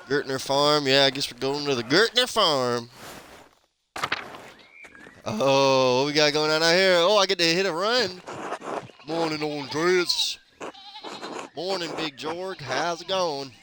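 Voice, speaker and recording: A man's voice: mid-range voice, lively intonation, moderate pace, long pauses. A man giving loose, casual gameplay commentary, laughing often and swearing freely. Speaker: gameplay streamer. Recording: noisy background under the voice.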